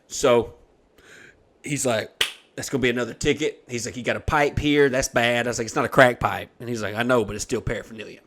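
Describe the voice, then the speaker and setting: A man's voice: mid-range voice, fairly quick. A young man hosting a podcast, telling a long comic story in a casual, profane way and acting out the people in it. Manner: profane, animated, acts out quoted people. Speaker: podcast host.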